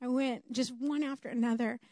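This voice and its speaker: A woman's voice: high voice, steady tone, brisk, dark tone, no room sound, clean studio sound. A woman preaching a sermon in an earnest, emphatic way, repeating her key phrases for weight.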